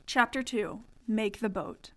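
A woman's voice: mid-range voice, slow pace, fairly bright tone. A woman co-hosting a casual podcast, reading a childhood story aloud with mock-dramatic voices and dry asides. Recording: lo-fi podcast audio.

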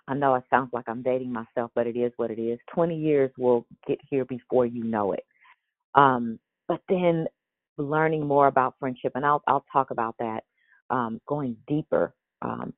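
This woman hosts a daily prayer call with a morning voice, keeping the devotional talk casual and rambling. She chats along with many restarts and fillers, her voice rumbling low. The recording is dry, with narrow, tinny audio.

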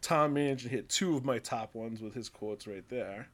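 A man hosting a casual podcast game round, upbeat and quick to laugh. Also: medium pitch, fairly bright tone. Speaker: podcast host running a quiz round.

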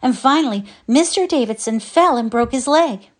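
A woman's voice: high-pitched, animated, normal speed, pitched above the performer's own voice. A woman voicing a dreamy young girl who loves telling stories in a readers' theatre piece. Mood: storytelling. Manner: dreamy, storytelling.

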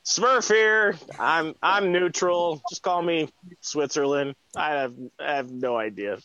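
A man's voice: fairly high pitch, takes it slowly, sharp tone, clean tone, no room sound, highs cut off. A man co-hosting a podcast, stammering and self-deprecating. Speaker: podcast co-host. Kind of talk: casual podcast banter.

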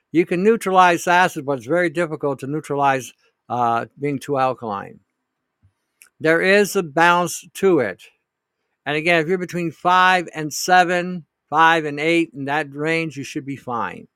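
A man's voice: fairly high pitch, a bit bright, no echo, clean studio sound. A man hosting a show, talking in a blunt, rambling, opinionated way and answering a listener's question. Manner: blunt, rambling, emphatic with profanity. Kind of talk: casual opinionated monologue.

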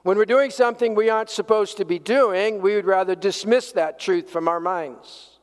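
A male pastor preaching earnestly, leading from a story into rhetorical questions. His voice is smooth and resonant and sits high for a man. The long reverb of a large church hall trails every phrase. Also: normal speed. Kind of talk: sermon. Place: church sanctuary.

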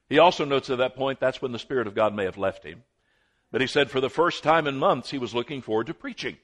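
A man preaching a sermon as pastor, telling stories with folksy, dry humor and swinging between loud lines and hushed ones. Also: medium pitch, fast talker. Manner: shifts from loud to hushed while retelling.

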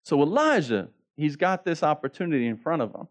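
A man's voice: a little high, very animated, brisk, few pauses, muffled recording. A man pastor preaching a sermon in a casual, joking way, acting out the story as he goes. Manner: casual, joking preacher who acts out the story in quoted voices.

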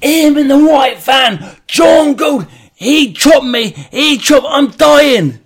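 Guy acting out a wounded man screaming his head off, frantic, really high pitched. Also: animated, takes it slowly, exaggerated voice. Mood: screaming panic. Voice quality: shrill, frantic shouting.

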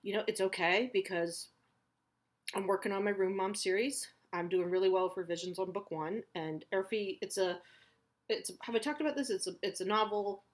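A woman's voice: medium pitch, fairly even intonation, moderate pace. A woman, chatting candidly and swearing freely about her kids and her writing. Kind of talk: casual personal chat.

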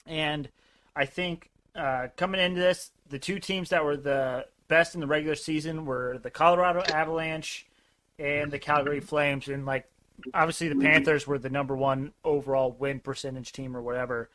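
A man with a slightly higher voice co-hosts a casual sports podcast. He talks in a laid-back way, pausing often on ums and uhs as he works through his picks. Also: fairly even intonation, fairly bright tone. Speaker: podcast co-host. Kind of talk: casual sports betting chat.

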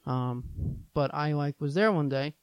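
A man's voice: a little high, measured pace, clean tone, dry recording. A man from Long Island, a podcast guest, telling stories in casual chat, rambling with lots of "like" and acting out the voices of the people in his anecdotes. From Long Island, New York. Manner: rambling, peppered with "like". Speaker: podcast guest, business owner.

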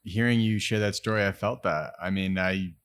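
A man's voice: sits low, moderate pace. A man hosting a podcast, talking in a reflective, hesitant way with many fillers. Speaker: podcast host. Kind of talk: casual podcast conversation.

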